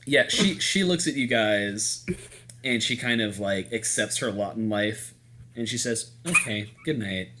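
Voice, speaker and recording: A young man narrating as game master, casual and joking with many halting restarts. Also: on the low side, noisy background.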